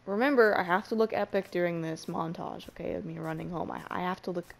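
A woman's voice: fairly low pitch, fast talker, vocal fry. A young woman giving casual gameplay commentary in a panicky, self-mocking way, swearing freely. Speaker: Minecraft let's player.

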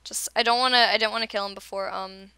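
A woman's voice: mid-range voice, fairly even intonation, quick pace, bright, forceful tone, clear, resonant tone, dry recording. A young adult woman hosting a casual gaming session with friends, playful and giggly as she talks over a voice call. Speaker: channel host and gamer.

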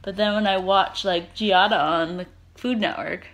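A woman's voice: medium pitch, fairly even intonation, normal speed, a bit bright. A woman, chatting casually to camera at home in a rambling way with lots of fillers and giggles. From Canada. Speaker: vlogger. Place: home, indoors.

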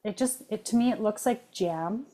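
Middle-aged woman rambling about cooking on a podcast, laughs a lot, average pitch. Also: normal speed, dark tone. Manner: chatty, laughs often, rambling asides. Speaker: podcast co-host. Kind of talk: casual cooking chat.

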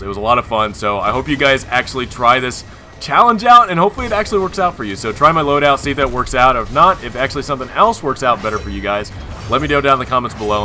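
A man's voice: medium pitch, pushed and bright. A young man giving live gameplay commentary to his channel, talking casually with exasperated outbursts and frequent laughter. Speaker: gaming video creator.

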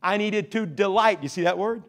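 A male pastor preaching a sermon to his congregation. He drops into conversational asides, then slows down and builds up key words for emphasis. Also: high voice.

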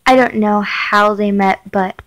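A woman's voice: medium pitch, steady tone, a little slow, lightly acted. A woman reading as a firm, secretive mother. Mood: tense. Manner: firm, urging caution. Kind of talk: reading a chat story aloud.

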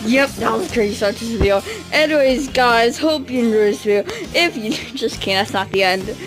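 A woman's voice: on the high side, normal speed, over music, rough recording. A woman hosting a gaming channel, giggling and cracking random jokes while she plays. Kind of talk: casual gameplay commentary.

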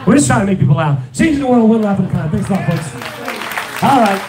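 Jokey male host, high lively voice, distant in an echoey hall. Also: brisk, a crowd in the background, background noise. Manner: jokey, plugging the channel. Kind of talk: live event hosting.

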